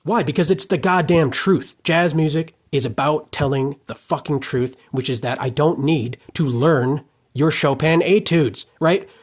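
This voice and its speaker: A man giving an unscripted monologue rant, heated and profane, breaking into shouted outbursts. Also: on the high side, measured pace, husky.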